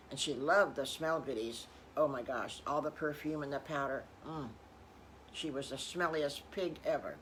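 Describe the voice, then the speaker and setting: Slow-talking older woman storyteller. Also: deep voice, slight background noise. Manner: folksy, chuckling asides. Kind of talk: improvised children's storytelling.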